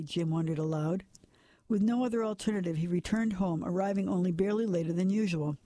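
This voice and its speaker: A man narrates a story in an even, unhurried reading voice that sounds mellow and warm. The recording is close and dry, with no room sound behind him. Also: high voice, no room sound. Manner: steady, plain reading with occasional slips and restarts. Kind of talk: audiobook narration.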